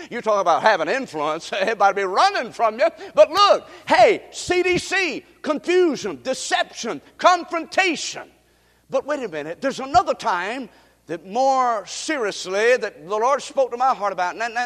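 A man preaching a sermon emphatically, repeating phrases and rising to shouts, recorded in a church sanctuary. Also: sits high. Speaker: pastor. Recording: long reverb in a large hall.

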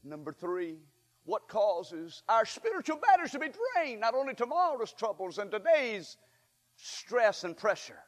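A man preaching a sermon, calling out to the congregation and building up to shouts. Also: extremely high pitch, big pitch swings, unhurried. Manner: call-and-response preaching, rising to shouts. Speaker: pastor. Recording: hall reverb.

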